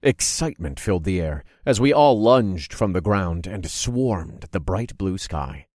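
A man narrating a fantasy story in first person, steady and expressive. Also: low voice, measured pace, dry recording, clean studio sound. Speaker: audiobook narrator.

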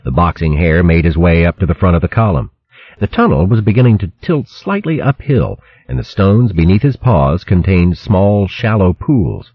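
Deep husky male audiobook narrator. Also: moderate pace, dry recording. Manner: expressive, dramatic. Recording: dull lo-fi recording.

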